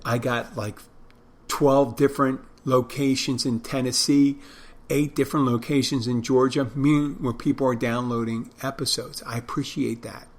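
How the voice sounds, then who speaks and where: A man's voice: mid-range voice, fairly even intonation, normal speed. A middle-aged man with a Philadelphia accent hosting a podcast alone, rambling through casual, profane asides about himself. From Philadelphia area. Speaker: podcast host. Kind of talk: casual solo monologue.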